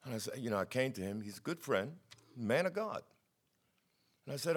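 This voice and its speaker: A middle-aged man preaching a sermon, telling stories in a wry, skeptical, animated way. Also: mid-range voice, a little fast, long pauses, slightly rough.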